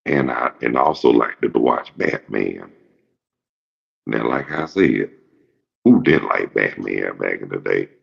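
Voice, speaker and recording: A man's voice: very deep voice, expressive, a little slow, gravelly, pauses often, breathy edge. A man in his fifties hosting his own show, rambling through a casual, jokey monologue full of profanity. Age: 50s. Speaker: show host. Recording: dull lo-fi recording.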